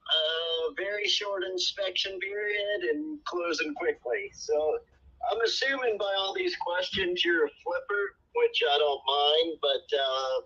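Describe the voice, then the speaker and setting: A man's voice: sits high, sing-song, measured pace, bright, forceful tone. A man selling a property, talking on a phone call in a casual, laid-back way while in a hurry.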